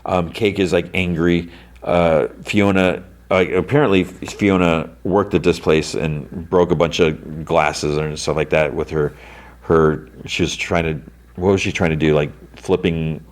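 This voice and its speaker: A man with a very deep, low voice talks through an episode recap in a loose, casual way. He rambles and leans on "like" and "um" as he goes, like a podcast host chatting. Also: steady tone, measured pace. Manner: rambling, heavy on "like" and "um" fillers.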